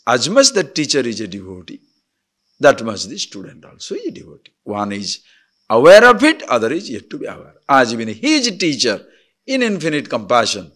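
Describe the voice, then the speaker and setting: A man's voice: high-pitched, fairly bright tone. A man giving a spiritual discourse as a teacher, blunt and teasing, full of rhetorical questions.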